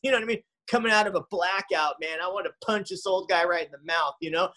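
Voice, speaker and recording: A man's voice: high voice, quick pace, pushed and bright, low-quality recording. A man sharing his own recovery story in a conversational way, often adding "man" and "you know". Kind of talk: recovery talk testimony.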